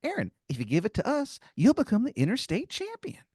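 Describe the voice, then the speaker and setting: A man voicing a grinning cartoon tooth creature who tempts with high, wheedling promises. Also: huge pitch swings, brisk, a little mellow, slightly rough, dry recording, studio quality, full character voice.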